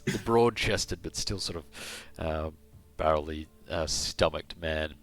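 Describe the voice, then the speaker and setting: Man, game master, deep low voice, bright tone, halting delivery full of fillers. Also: faint music behind. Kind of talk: narrating a tabletop game.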